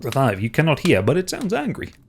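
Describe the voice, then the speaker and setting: A man's voice: fairly high pitch, huge pitch swings, fast, vocal fry, slight background noise. A man narrating as game master of a tabletop game, hesitant and full of fillers and restarts.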